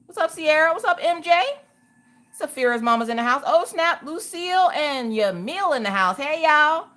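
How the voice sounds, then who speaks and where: Woman, livestream host, chatty and casual, very lively pitch, calls out viewers by name. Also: moderate pace. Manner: animated, greets viewers in the chat by name. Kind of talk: casual livestream chat while crafting.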